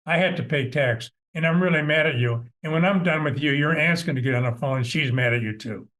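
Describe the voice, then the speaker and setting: A man voicing his angry older mother, scolding her grown son in a raised, higher voice. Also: a little fast, a bit bright, lightly acted. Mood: indignant scolding. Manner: indignant, scolding.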